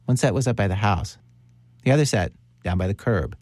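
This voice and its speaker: A man hosting a documentary audio show, narrating a story calmly and putting questions to his guests. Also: on the low side, a little fast, dry recording, clean studio sound. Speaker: host and interviewer.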